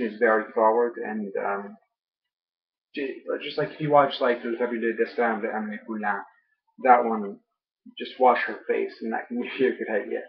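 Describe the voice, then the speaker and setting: A young man vlogging casually, groggy after dental work, rambling with many ums and uhs. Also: medium pitch. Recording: muffled lo-fi home audio.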